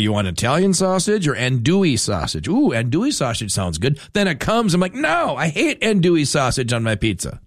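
A man hosting a talk radio show, rambling and animated in a casual rant. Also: mid-range voice, dry recording, clean studio sound. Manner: rambling, animated, self-interrupting.

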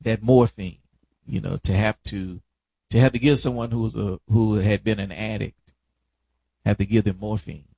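Gravelly low-voiced man. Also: fairly even intonation, a little mellow, dry recording. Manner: reflective, halting with restarts. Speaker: family caregiver. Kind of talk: casual family conversation.

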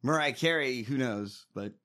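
A man's voice: medium pitch, moderate pace. A man co-hosting a casual podcast, joking and swearing as he reacts to clips. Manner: animated, profane, joking. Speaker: podcast co-host. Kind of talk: casual political chat.

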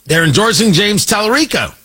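A man's voice: sits high, sing-song, fairly quick, bright, forceful tone, husky, low-quality recording. A man delivering an opinionated political monologue, sarcastic and emphatic, repeating points for effect. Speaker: political commentator.

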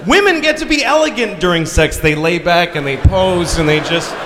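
A man doing crude stand-up comedy, telling a story and shouting his punchlines. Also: sits high, animated, moderate pace, roomy sound, background noise.

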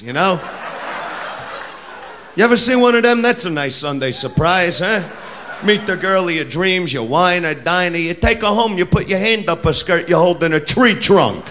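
A man doing a crude stand-up rant, loud and often shouting. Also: fairly high pitch. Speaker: stand-up comedian. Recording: live show with crowd and noise.

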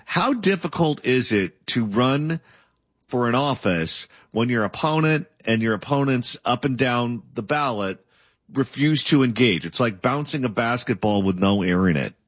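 A male interview host talks in a husky voice and stacks up several points before he reaches his question. The sound is dry and close, with a dull lo-fi tone. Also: medium pitch, lively intonation, unhurried, no echo. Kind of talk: political interview.

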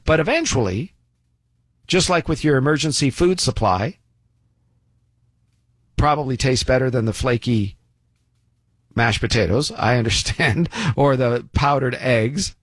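A man's voice: mid-range voice, lively intonation, measured pace, pauses often, husky, dry recording. Folksy, sarcastic male commentator. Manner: folksy, sarcastic, with lots of asides. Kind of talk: opinion commentary monologue.

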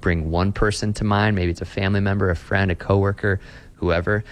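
Talking a little fast, a man with a low voice and little pitch movement is interviewed as a Christian author. He speaks about faith earnestly and emphatically, paraphrasing scripture.

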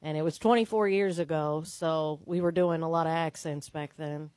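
A soft-spoken woman from a radio show's news desk chats modestly with her co-hosts. Her voice sits lower than most women's, and the studio sound is dry. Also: steady tone, moderate pace, dry recording. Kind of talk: morning radio banter.

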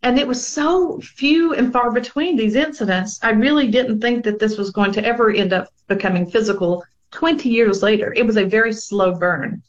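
A woman's voice: fairly high pitch, moderate pace, hardly any pauses, muffled recording. A woman in her forties candidly recounts her own experience as an interview guest. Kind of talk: personal testimony.

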